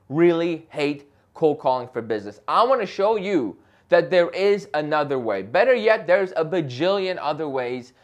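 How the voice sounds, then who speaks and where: A young man talking straight to camera in an advice vlog, passionate and emphatic, often checking in with "right?". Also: on the high side. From Chicago area. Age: young adult. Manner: passionate, emphatic, talks loudly with frequent "right?". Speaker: real estate agent and vlogger.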